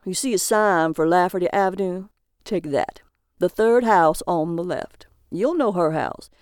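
A woman doing a loud, gruff small-town man. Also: fairly low pitch, measured pace, dry recording, studio quality, natural voice. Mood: directive.

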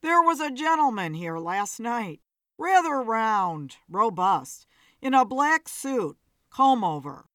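A woman's voice: a little high, sing-song, slow, fairly bright tone, no room sound, heavily acted. A woman voicing a polite, whiny, strange man in an audiobook story. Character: odd whiny man in bow tie.

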